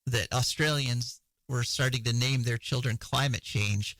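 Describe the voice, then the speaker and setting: A man's voice: medium pitch, steady tone, measured pace, fairly bright tone, no echo, low-quality recording. A man hosting a radio show, chatting casually through the news with frequent fillers and laughs.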